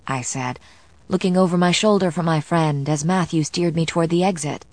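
Woman reading an audiobook, low voice, steady and even, dry close mic. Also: no echo. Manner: steady, measured first-person reading. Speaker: audiobook narrator. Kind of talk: scripted narration.

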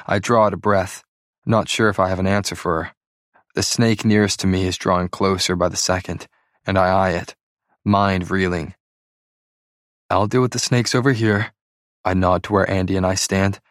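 A man narrating a story in the first person, in a measured, even reading. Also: sits low, no room sound, clean studio sound. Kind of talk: audiobook narration.

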